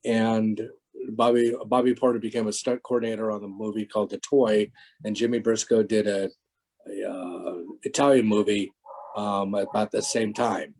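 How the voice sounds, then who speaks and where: Older man, guest on a video call, warm low-key tone, rambling anecdotes. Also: level tone, moderate pace, breathy edge, rough recording. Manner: rambling, many restarts. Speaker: guest, former stunt performer. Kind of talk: casual interview anecdotes.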